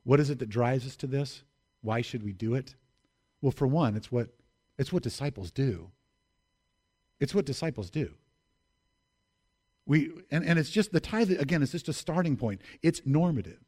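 A pastor preaching a sermon, emphatic, repeating key phrases and appealing directly to the congregation. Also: male voice, medium pitch, expressive, moderate pace, long pauses, a little mellow, slightly rough.

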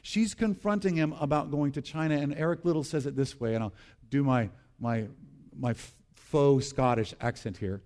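A man's voice: mid-range voice, expressive, normal speed, a little mellow. A male pastor preaching a sermon, repeating key phrases and calling on the congregation to respond.

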